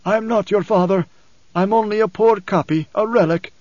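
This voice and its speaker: A man voicing an old blind preacher, hoarse, bitter and fearful, with tense, raised and pleading lines. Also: high voice, normal speed, a little mellow, dry recording, lo-fi sound, pitched above the performer's own voice, lightly acted.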